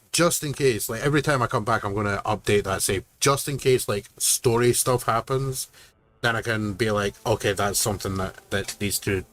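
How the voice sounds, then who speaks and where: A man's voice: fairly low pitch, fairly bright tone. A man chatting casually on a gaming stream, rambling with restarts and casual swearing.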